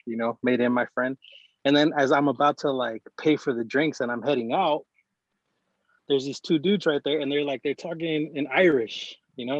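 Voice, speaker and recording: A man's voice: medium pitch, a bit bright, dry recording, lo-fi sound. A man on a video call telling a casual story in loose slang, swearing often, and asking for advice.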